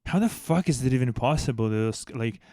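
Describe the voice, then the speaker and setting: A man's voice: mid-range voice, lively intonation, a little fast, warm tone, no echo, studio quality. A man hosting a news commentary channel in casual, blunt style, swearing heavily and restarting sentences, speaking English as a second language. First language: not English.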